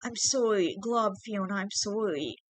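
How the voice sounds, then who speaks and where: A reader voicing a sick young man who quietly apologizes while breaking up with his girlfriend. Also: mid-range voice, unhurried, no room sound, pitched above the performer's own voice, lightly acted. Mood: guilty, strained. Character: sick, guilt-ridden young man ending a relationship.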